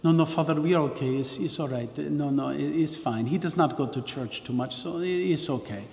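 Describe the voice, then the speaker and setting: A man putting on a soft Eastern European woman. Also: fairly high pitch, brisk, creaky. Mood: politely refusing. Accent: generic Eastern European. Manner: soft, polite, repeating no. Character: Eastern European wife and daughter, politely refusing. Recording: roomy hall reverb.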